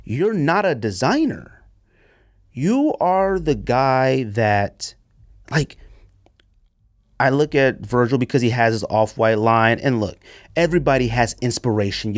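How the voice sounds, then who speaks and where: A man hosting a casual sneaker podcast, ranting with sarcasm and sudden high-pitched bursts of emphasis. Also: dry recording, studio quality. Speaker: podcast host.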